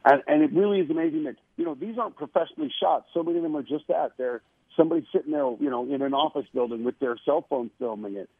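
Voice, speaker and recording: Husky man on a tinny phone line. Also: fairly high pitch, rapid-fire, few pauses, no room sound. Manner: enthusiastic, repeats words when excited. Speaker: guest promoting a TV show. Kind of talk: casual radio interview.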